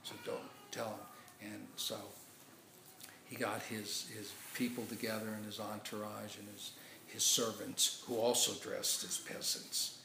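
A man's voice: on the low side, level tone, unhurried, creaky, noisy background. A man preaching, telling a story as a sermon illustration in a rambling way with many restarts. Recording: echoey room.

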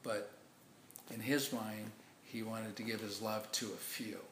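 A man's voice: fairly low pitch, steady tone, measured pace, a bit bright, slight background noise. A man preaching, telling a story as a sermon illustration in a rambling way with many restarts. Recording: echoey room.

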